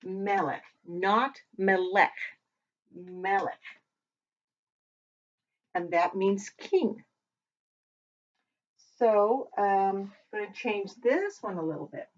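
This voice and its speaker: A woman teaching a language lesson who talks while she writes, pausing and correcting herself as she goes. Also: mid-range voice, lively intonation. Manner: talks while writing, with pauses and self-corrections. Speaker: Hebrew teacher. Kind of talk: slow, patient lesson at a whiteboard. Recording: dull lo-fi recording.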